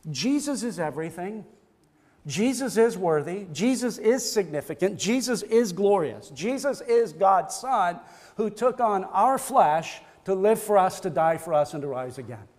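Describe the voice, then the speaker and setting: A man's voice: high voice, expressive, measured pace, darkish tone. A male pastor delivering a fervent sermon, building emphasis through repeated phrases. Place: church sanctuary. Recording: long reverb of a church hall.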